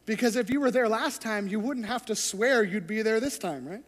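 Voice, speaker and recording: Preaching from the pulpit, this man speaks at a normal pace in a high-pitched voice, narrating stories and performing each scene. Long reverb from a hall surrounds his words.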